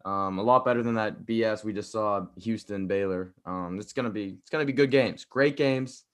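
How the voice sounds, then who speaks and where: A man's voice: lowish voice, normal speed. A young man from co-hosting a casual sports podcast, upbeat and jokey as he gives his picks. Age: young adult.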